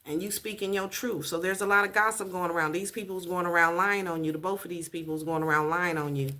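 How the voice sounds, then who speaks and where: A woman's voice: on the low side, steady tone, fast, pushed and bright. A woman giving a casual tarot reading, blunt and profane, repeating her points for emphasis. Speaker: tarot reader.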